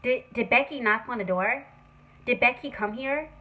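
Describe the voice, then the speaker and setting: A panicky young man trips over his words and repeats himself, as a woman telling a story voices him. The voice sits a little high and sounds bright and forceful. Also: low-quality recording. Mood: frantic. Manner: stammering, hurried. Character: flustered young man, stammering and frantic.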